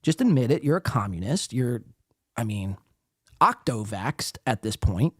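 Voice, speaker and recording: A man's voice: medium pitch, very animated, measured pace, dry recording, clean studio sound. A man hosting a live podcast, ranting profanely and sarcastically at other show hosts. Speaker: podcast host.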